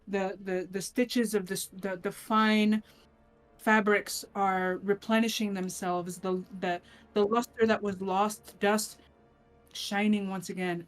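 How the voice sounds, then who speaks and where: A woman running a tabletop game as game master, narrating scenes in detail and often restarting her phrases. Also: mid-range voice. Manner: descriptive, with frequent restarts.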